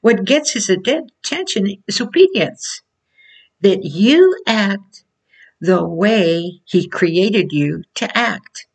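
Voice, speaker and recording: A woman preaching in an informal sermon, telling her points as slow stories and laughing often between phrases. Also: medium pitch, expressive, husky. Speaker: Christian teacher. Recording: voice from far off the mic.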